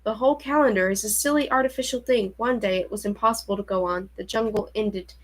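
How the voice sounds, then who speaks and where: A woman reading aloud as an old male professor, recounting his journey in a measured, slightly raised storytelling tone. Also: medium pitch, close to an everyday voice.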